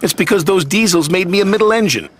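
A man's voice: expressive, fast, fairly bright tone, slight background noise. A man voicing a small green tank engine who is cheeky and easily cross, with a raised, fuming voice. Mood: pleading. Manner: high, fuming and pleading. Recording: music playing behind.

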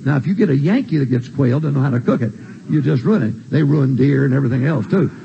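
A man's voice: mid-range voice, expressive, quick pace, gravelly, husky, highs cut off. An older man preaching a sermon, folksy and emphatic, repeating his points. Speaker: pastor. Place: church sanctuary.

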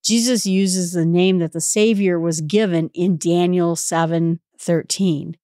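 Woman, lower register, casual Bible-study teacher, conversational explainer, dry close recording. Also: steady tone, a little slow, warm tone, dry recording. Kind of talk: informal Bible study talk.

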